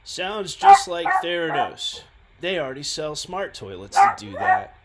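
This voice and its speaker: A man voicing a dismissive male skeptic in a put-on southern drawl, high and loud. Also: wildly swooping pitch, unhurried, gravelly, a loud crowd, full character voice. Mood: scoffing. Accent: mock Southern US.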